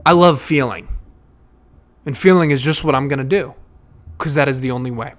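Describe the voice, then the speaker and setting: A young man hosting his own podcast, talking loudly and emotionally in a rambling way, with fillers and swearing. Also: medium pitch, moderate pace. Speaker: podcast host. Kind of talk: casual solo podcast monologue.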